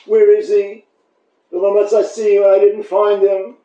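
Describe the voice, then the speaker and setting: A man's voice: high voice, monotone, measured pace, warm tone, pitched above the performer's own voice. A man voicing a lovesick young woman who turns from dismissive to longing, in an echoey room with dull sound. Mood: pleading. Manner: dismissive then breathless and pleading.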